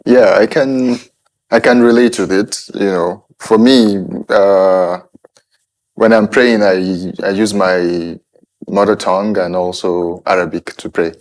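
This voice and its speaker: A Nigerian man whose first language is Hausa answers interview questions. His voice sits very low, and he speaks calmly and softly. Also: slow. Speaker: festival guest.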